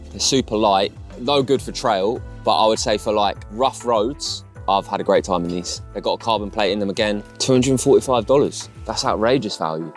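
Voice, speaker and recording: Laid-back guy chatting. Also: on the low side. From England. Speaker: host, endurance runner. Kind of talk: casual vlog talk and narration.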